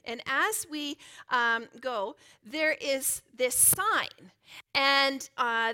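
A woman's voice: fairly high pitch, pushed and bright. A woman pastor preaching a sermon in a chatty, playful way, joking and laughing easily with the congregation.

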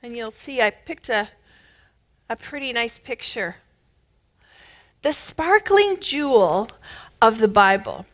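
A woman preaching a sermon with emphatic, rising bursts of loudness, she is middle-aged. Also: a little high, very animated, slow, pauses often. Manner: emphatic, builds to loud bursts.

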